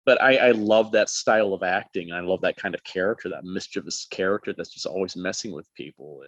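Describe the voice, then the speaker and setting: A man speaking as a guest in a casual interview, an animated, expressive storyteller. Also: low-pitched, fairly quick, dry recording, lo-fi sound. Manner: animated, expressive storyteller who jumps into voices. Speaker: guest, actor.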